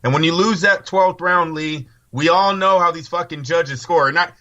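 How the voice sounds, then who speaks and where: Co-host: opinionated man, very bright tense tone, dull lo-fi sound. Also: a little high, normal speed. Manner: opinionated, rambling, swears casually. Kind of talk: casual boxing podcast chat.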